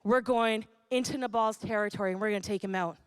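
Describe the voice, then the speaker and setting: A woman's voice: mid-range voice, fast talker, clean tone, in a large hall, voice pushed down, lightly acted. A woman voicing a proud, vengeful warrior king who speaks in an indignant, commanding way. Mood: menacing.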